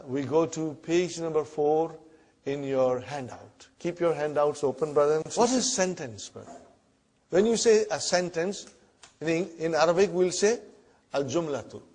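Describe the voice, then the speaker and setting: A man teaching a classroom Arabic lesson in English, repeating words slowly and checking in with the students as he goes. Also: fairly high pitch, lively intonation, darkish tone. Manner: repeats words slowly, often asks "huh?" and "brother".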